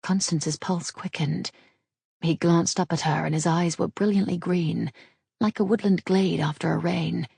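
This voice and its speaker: A woman narrating a romance audiobook in an intimate, husky reading. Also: on the low side, fairly even intonation, unhurried, mellow, no echo.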